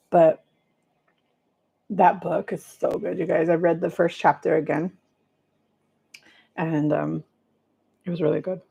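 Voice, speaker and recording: A woman's voice: fairly low pitch, gravelly, dark tone, breathy edge. A woman in her forties from California, chatting casually with viewers on a livestream and laughing often. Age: 40s. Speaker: livestream host. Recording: slightly dull lo-fi sound.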